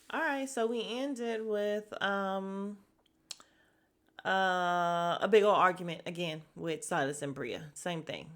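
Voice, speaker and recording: A woman's voice: mid-range voice, measured pace. A young woman hosting a podcast, recapping a reality show in blunt, gossipy casual chat and swearing freely. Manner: blunt, gossipy, swears freely, quotes cast members in animated voices.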